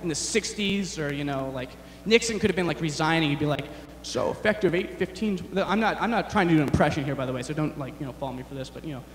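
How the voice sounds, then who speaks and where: A young man performing a rambling, self-deprecating stand-up set, halting often with fillers. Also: a little high, expressive, reverberant, in a large hall, slight background noise. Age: young adult. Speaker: stand-up comedian. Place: large chapel hall on stage.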